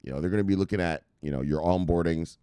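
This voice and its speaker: A man's voice: low voice, fast talker, dark tone, clean tone, no room sound, studio quality. A man hosting a crypto news show, reading articles aloud and riffing on them in a profane, rambling way. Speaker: crypto news channel host.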